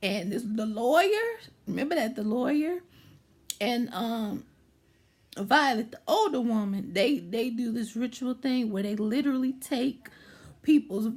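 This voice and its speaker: A woman's voice: a little high, expressive, a little slow, slightly rough. A woman vlogger animatedly retelling a movie plot, checking in with her listener as she goes.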